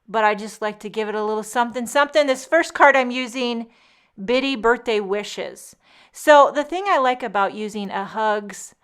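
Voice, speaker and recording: A woman's voice: medium pitch, fairly bright tone, clear, resonant tone. A woman hosting a casual card-making tutorial, chatty and full of joking asides. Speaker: papercraft tutorial host. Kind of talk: casual craft tutorial narration.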